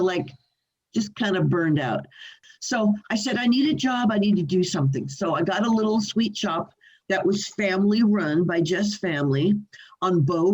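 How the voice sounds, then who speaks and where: An older woman speaks from her home over a video call, telling an animated story with frequent laughs and false starts. Her pitch sits in the middle for a woman. The audio is dull and lo-fi. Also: slightly rough. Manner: animated, laughing, restarts often. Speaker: singer, interview guest. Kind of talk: storytelling in a remote interview.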